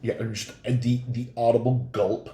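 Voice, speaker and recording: A man co-hosting a casual podcast chat, talking about himself in a halting, reflective way with many restarts. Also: mid-range voice, fairly even intonation, dark tone. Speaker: podcast co-host. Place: bar room. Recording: roomy echo, faint background noise.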